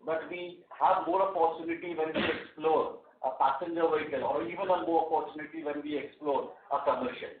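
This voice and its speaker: Man, executive on a conference call, measured with many fillers; tinny phone line, roomy echo. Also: a little high, steady tone. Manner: measured, fillers and restarts, business jargon. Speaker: company executive on earnings call.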